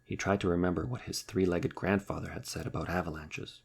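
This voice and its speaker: A man reading a children's storybook aloud in a wry, lively storytelling manner. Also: low voice, brisk, vocal fry, slightly rough. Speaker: narrator.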